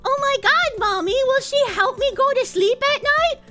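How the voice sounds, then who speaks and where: A small boy whines to his mommy in babyish speech, as a woman puts him on. The voice is pitched very high and bounces all over. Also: expressive, moderate pace, pushed and bright, soft background music, heavily acted. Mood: whiny. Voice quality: whiny, babyish. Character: whiny little boy asking his mommy.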